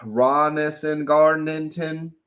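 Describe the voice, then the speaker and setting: A man's voice: on the high side, fairly even intonation, takes it slowly, a bit bright. A man from Texas hosting a casual sports podcast, talking loosely with lots of swearing and rambling asides. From Dallas, Texas. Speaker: podcast host.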